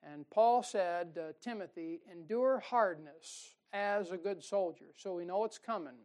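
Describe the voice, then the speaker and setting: A man preaching a sermon in a folksy, animated way, asking the congregation questions and drawing out key words for emphasis. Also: high-pitched, a little slow.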